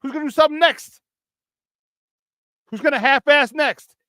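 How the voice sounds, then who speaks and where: A high-pitched sports talk radio host rants heatedly and emphatically, repeating himself to drive his points home. He speaks at a moderate pace with a pushed, bright tone. The recording is dry and close.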